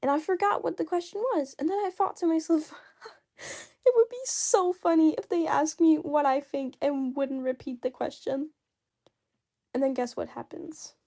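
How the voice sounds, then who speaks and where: A woman speaking English as a second language, telling a personal story in a casual, animated, self-mocking way with frequent laughs. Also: sits high. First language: not English.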